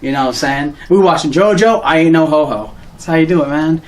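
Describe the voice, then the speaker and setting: High-voiced man in lively podcast banter. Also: fast. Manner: animated, slangy, acts out voices and laughs often. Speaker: podcast co-host. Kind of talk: casual chat.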